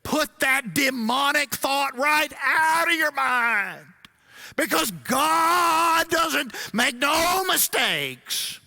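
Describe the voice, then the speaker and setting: A man imitating a fiery male preacher who shouts emphatic, drawn-out words from the pulpit. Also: extremely high pitch, animated, creaky, pitched above the performer's own voice, full character voice.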